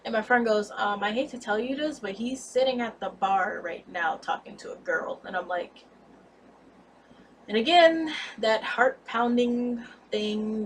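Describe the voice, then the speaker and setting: Young woman, vlogger, candid and blunt storytime delivery, fairly high voice, a bit off-mic with faint room hiss. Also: distant mic. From United States. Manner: candid, blunt, expressive retelling with cursing. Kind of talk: storytime vlog.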